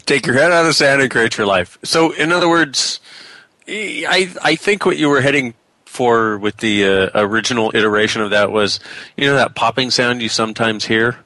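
A middle-aged man co-hosting a casual talk show, speaking animatedly and jumping up in pitch when he gets excited. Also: moderate pace, dry recording, low-quality recording. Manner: animated, rising excitedly on exclamations. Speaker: co-host. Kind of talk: casual conversational chat.

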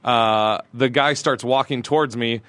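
A man, a comedian guest, telling an animated story, laughing through it and acting out the people in it. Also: medium pitch, measured pace, no room sound. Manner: laughs through his story, acts out quotes.

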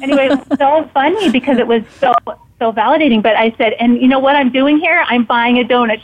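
A woman guest telling a personal story in casual conversation, animated and acting out her own thoughts in quotes. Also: high voice, a little fast, few pauses. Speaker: podcast guest and author. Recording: tinny phone-like line.

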